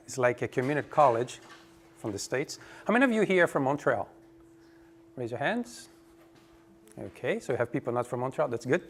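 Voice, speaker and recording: A man from Brazil, giving a relaxed, joking conference presentation. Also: medium pitch, fairly quick, a little hiss or hum. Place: conference room.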